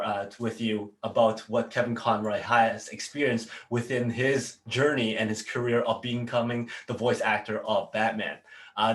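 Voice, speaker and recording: A man hosting a motivational business talk, speaking earnestly with repetitive phrasing and frequent fillers. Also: mid-range voice. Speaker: business coach and show host.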